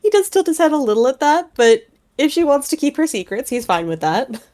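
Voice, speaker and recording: A woman narrating a tabletop role-playing game as game master, relaxed with many fillers. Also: high voice, fairly quick.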